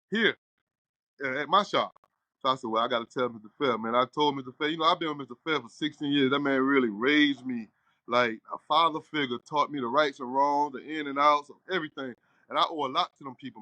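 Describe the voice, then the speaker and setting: A man's voice: medium pitch, no room sound. A middle-aged man, a barbershop owner telling a long story and acting out the dialogue as he goes. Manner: animated storyteller, acts out quoted dialogue. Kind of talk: casual storytelling interview.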